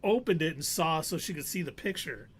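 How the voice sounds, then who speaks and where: A man's voice: a little high, brisk, breathy edge. A man on a live show casually telling a long anecdote, acting out the people in it. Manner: animated anecdote teller, acts out quoted voices. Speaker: podcast co-host. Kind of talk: casual storytelling chat.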